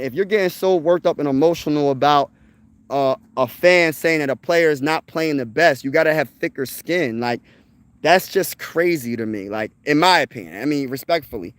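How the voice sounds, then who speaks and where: A man's voice: on the high side, clean tone. Fired-up young man ranting casually. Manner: emphatic, rambling, peppered with "bro" and "man". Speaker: sports channel host. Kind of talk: casual sports chat to viewers.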